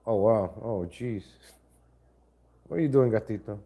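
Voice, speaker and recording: A man's voice: fairly low pitch, a little slow, slightly rough, muffled recording. A man hosting a casual live stream from home on a laptop mic, rambling and correcting himself as he greets viewers. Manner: rambling, self-correcting, chats to viewers and cat.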